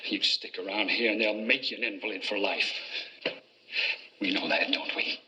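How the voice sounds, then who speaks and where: A middle-aged father who never lets up. His voice is lowish with a bright, forceful edge, coaxing and pushy. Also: steady tone, normal speed, poor audio.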